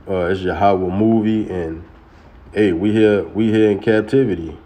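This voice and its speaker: A man teaching scripture in a casual way, often saying "man" and "you know" and chanting sacred names slowly. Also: lowish voice, fairly even intonation, dark tone. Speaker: religious teacher.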